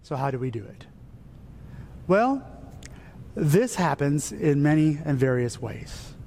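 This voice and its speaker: A male pastor delivering a sermon, rising to soaring high phrases and dropping to hushed near-whispers. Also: big pitch swings, takes it slowly, slight background noise.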